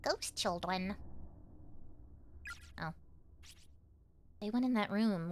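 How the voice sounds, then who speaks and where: A woman's voice: medium pitch, very slow. Playful woman streamer. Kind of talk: casual game commentary.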